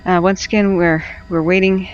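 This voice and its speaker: A woman hosting a casual wildfire-tracking livestream, chatty and halting, out of breath and feverish. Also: on the low side, flat delivery, dull audio, faint music behind. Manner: chatty, halting, addresses viewers as friends.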